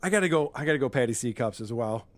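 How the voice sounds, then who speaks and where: A man's voice: medium pitch, very fast. A man hosting a podcast, chatting casually and laughing often. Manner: excitable, laughing, swearing. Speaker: podcast host. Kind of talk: casual chat.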